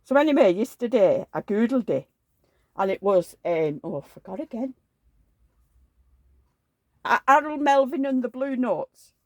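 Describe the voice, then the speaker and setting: Chatty older woman, lively voice. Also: fairly high pitch, measured pace, long pauses, no room sound, muffled recording. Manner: rambling, forgetful, animated retelling of arguments. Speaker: doll collector vlogger. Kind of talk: casual chatty storytelling.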